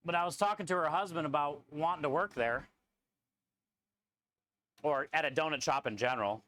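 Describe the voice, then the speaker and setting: A man's voice: on the high side, moderate pace, pushed and bright. A man, a food truck cook, chatting casually with viewers on a live stream and joking around.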